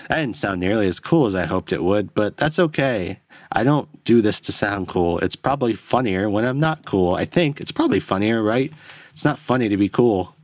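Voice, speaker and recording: Deep-voiced man ranting solo. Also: lively intonation, moderate pace, dry recording, clean studio sound. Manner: rambling, profane, self-deprecating. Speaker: podcast host. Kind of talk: solo film review rant. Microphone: close podcast microphone.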